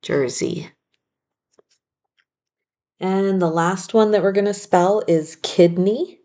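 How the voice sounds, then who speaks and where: A woman's voice: mid-range voice, fairly even intonation, dark tone. A woman teaching a phonics spelling lesson, patiently sounding out each word. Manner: slow, patient, sounding out words.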